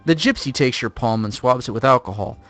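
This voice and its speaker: A man's voice: mid-range voice, a little fast, fairly bright tone, faint music behind. A man streaming a video game playthrough, reading the game text aloud with wry, jokey asides. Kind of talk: let's-play narration.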